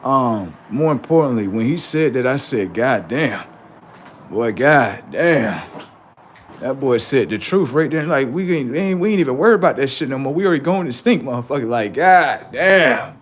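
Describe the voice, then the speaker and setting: A man's voice: medium pitch, animated, quick pace, few pauses, a little hiss or hum. A man hosting a livestream, preaching in a confrontational way with rhetorical questions and street slang. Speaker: livestream host.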